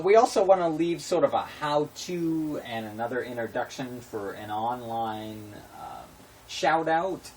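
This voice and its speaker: A man hosting a casual web show, talking off the cuff with many fillers and restarts. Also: mid-range voice. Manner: rambling, full of fillers and restarts. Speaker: show host. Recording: distant mic with faint noise.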